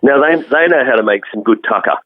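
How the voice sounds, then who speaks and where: A man's voice: mid-range voice, animated, fast talker, no room sound. Man on a tinny call line. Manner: rambling, many restarts and fillers. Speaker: musician guest. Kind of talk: casual interview chat. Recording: tinny phone-like call audio.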